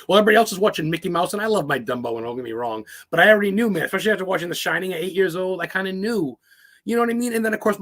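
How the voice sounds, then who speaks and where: A man in his forties talks quickly as a guest in a casual interview. His voice sits a little high and has a bright, forceful edge. He rambles through his stories with plenty of swearing and open emotion. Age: 40s. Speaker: podcast guest.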